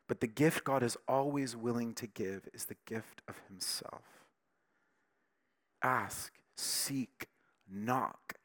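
This pastor's voice is mid-range, and his sermon moves between emphatic, animated passages and softer, more intimate moments.

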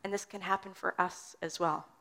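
A woman's voice: mid-range voice, steady tone, a little fast, gravelly, fairly bright tone. A woman preaching a sermon in an earnest teaching manner, reading scripture aloud.

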